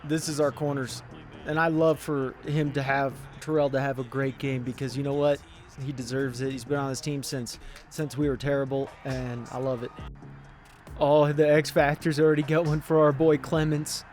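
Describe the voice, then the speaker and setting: A young man commentating a football video game in a hyped, rambling way, yelling at big plays. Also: mid-range voice, little pitch movement, normal speed, soft background music. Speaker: gaming channel host.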